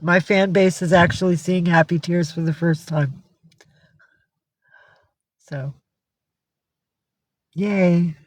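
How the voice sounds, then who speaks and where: A teary woman chatting casually with viewers on a livestream from home, cooing softly in baby talk to her cat. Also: on the low side, fairly even intonation, takes it slowly, long pauses, no echo.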